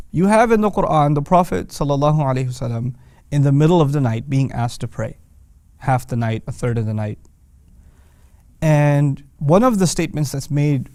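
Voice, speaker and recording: A man's voice: a little high, a little mellow, dry recording, studio quality. A man teaching a lesson on Arabic grammar in a patient, conversational way, with slang asides. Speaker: Quran teacher. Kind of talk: scripted video lesson.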